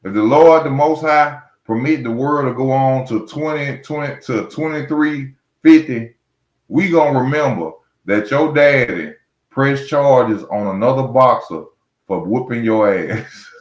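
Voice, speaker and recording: A man's voice: medium pitch, measured pace. Man ranting about boxing in a roomy, dull recording. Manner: blunt, mocking, repetitive, speaks straight to fighters. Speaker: boxing commentary host. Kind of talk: heated solo boxing rant.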